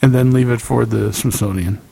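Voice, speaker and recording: A man with a gravelly, somewhat husky voice, co-hosting a podcast in casual chat. He teases and needles with dry sarcasm. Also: medium pitch, steady tone, a little fast, dark tone, low-quality recording. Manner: sarcastic, teasing. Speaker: podcast co-host.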